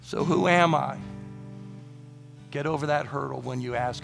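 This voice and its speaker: A man preaching a sermon, his voice hoarse and gravelly, declaring bold lines with rising emphasis. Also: moderate pace, long pauses, soft background music. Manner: declaring boldly, rising to emphatic high passages. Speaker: pastor.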